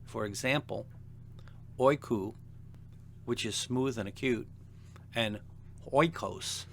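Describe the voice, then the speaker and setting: A man teaching a seminary language lesson in a measured, deliberate, scripted narration. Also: medium pitch, vocal fry, slight background noise. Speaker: seminary instructor.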